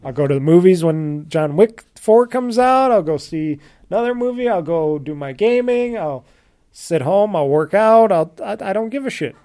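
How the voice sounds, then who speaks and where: A man co-hosting a casual podcast, blunt and dismissive, with plenty of swearing. His voice sits a little high for a man. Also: animated, moderate pace, warm tone. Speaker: podcast co-host. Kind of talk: casual chat.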